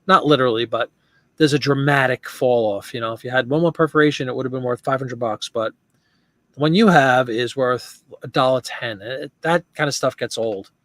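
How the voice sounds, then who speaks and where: A man's voice: mid-range voice, normal speed, fairly bright tone, no echo. Guy hosting a live chat, rambles and restarts a lot, dead dry sound. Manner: chatty, rambling with restarts and asides. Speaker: live show host.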